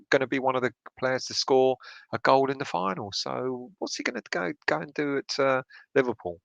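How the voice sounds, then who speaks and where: A man's voice: mid-range voice, creaky, fairly bright tone, dry recording. A middle-aged man hosts a late-night chat, keeping his voice down and swearing freely as he reads viewer comments. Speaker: fan channel host reading live chat. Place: home at night.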